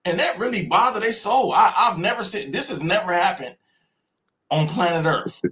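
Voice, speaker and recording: An American man from the United States hosts a live stream, giving heated opinions emphatically and repetitively while mimicking other people's voices. His voice is high and animated, with a sharp tone at a moderate pace.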